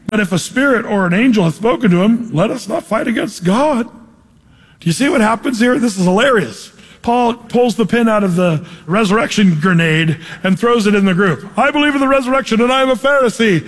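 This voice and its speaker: A high-pitched male pastor teaching verse by verse in a church. His voice carries a long reverb off the hall walls, and he talks in a lively, conversational way, throwing questions out to the listeners. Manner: animated, conversational, asks the congregation questions. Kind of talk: expository Bible teaching.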